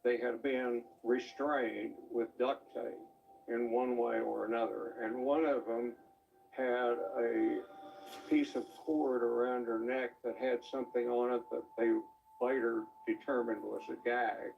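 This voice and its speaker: Interviewee: male author-attorney, gravelly, plain delivery, dull sound. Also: medium pitch, steady tone, a little slow, distant mic, a little hiss or hum. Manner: matter-of-fact recounting. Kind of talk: documentary interview.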